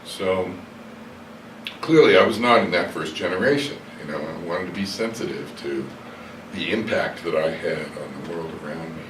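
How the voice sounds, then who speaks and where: A man's voice: deep voice, moderate pace. An older man being interviewed, telling stories from his past in a rambling, hesitant way, full of fillers and self-corrections. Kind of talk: reflective storytelling interview. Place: hotel room. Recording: echoey room, distant mic, faint hiss.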